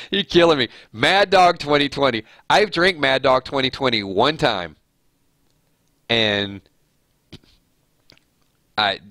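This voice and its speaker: A man's voice: mid-range voice, bright, forceful tone, no echo, studio quality. Chatty nasal man hosting a live stream. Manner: chatty, laughs easily, thinks aloud. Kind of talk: casual live-stream chat reading viewer comments.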